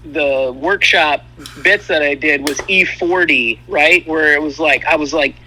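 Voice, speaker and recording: Bright-voiced earnest podcast guest. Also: male voice, fairly high pitch, low-quality recording. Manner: earnest, explanatory. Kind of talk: casual chat.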